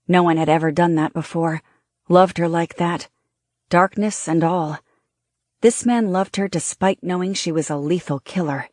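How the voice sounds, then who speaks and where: Steady audiobook narrator, dry close sound. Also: mid-range voice, no room sound.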